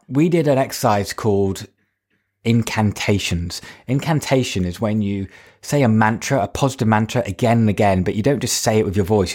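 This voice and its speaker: A man's voice: fairly low pitch, a little mellow. A man with a northern English accent, a coach hosting his podcast in a casual, chatty monologue full of fillers and self-deprecating asides. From Northern England.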